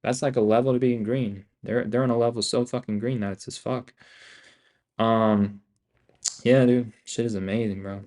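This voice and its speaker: Man, young adult, live trading stream, profane, excitable, repetitive, mid-pitched voice. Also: normal speed. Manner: profane, excitable, rambling, repeats himself. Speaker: day trader streaming live.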